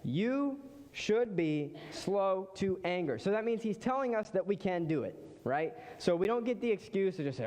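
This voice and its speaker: In a church sanctuary with the long reverb of a big hall, a pastor delivers a conversational sermon, repeating phrases for emphasis. His voice is high and expressive with a darkish tone, at a normal speed.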